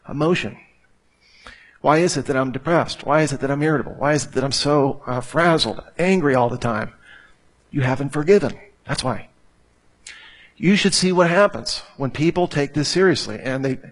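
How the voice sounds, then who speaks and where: Emphatic male preacher, slightly high voice. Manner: emphatic, repeats phrases for effect. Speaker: pastor. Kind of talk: sermon. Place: church hall with a live audience.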